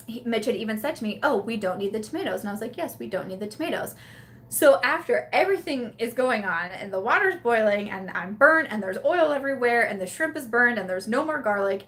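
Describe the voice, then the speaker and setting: A young woman hosting a live chat, telling a kitchen story in a casual, animated way with lots of fillers and laughter. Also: on the high side. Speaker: livestream host.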